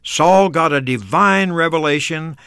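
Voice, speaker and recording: Crisp, bright man explaining scripture. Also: fairly high pitch, measured pace, dry recording, clean studio sound. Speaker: radio program co-host, Bible teacher. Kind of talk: explanatory teaching talk.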